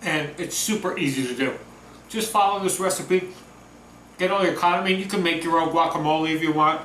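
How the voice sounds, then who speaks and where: A chatty, upbeat man talks his way through a home cooking demo, his voice bright and a little high. He sounds roomy and echoey, standing back from the mic in his kitchen, with food sizzling faintly on the grill. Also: brisk, recorded from a distance, a little hiss or hum.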